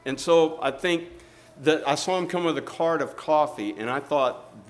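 A man telling a story in a sermon, animated and acting out the people in it. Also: fairly high pitch, normal speed.

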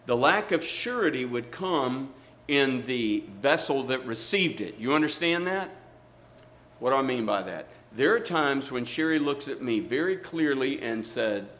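A man's voice: on the high side, a bit bright. A middle-aged male pastor, preaching a sermon with emphatic rises and asides to the congregation.

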